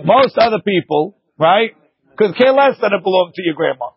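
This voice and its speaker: A man teaching a lively Talmud class, arguing points back and forth with his students. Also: high voice, normal speed, slightly rough, no room sound, muffled recording.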